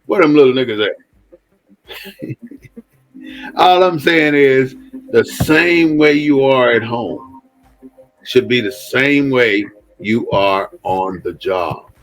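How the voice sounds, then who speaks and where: A man's voice: medium pitch, takes it slowly, fairly bright tone, faint music behind, poor audio. A man hosting an impassioned commentary monologue, speaking bluntly and repeating phrases for emphasis, with frequent swearing. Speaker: host.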